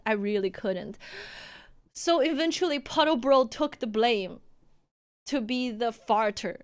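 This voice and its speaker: A woman's voice: fairly high pitch, clear, resonant tone. A young woman from China, telling a story casually on a stream and laughing often.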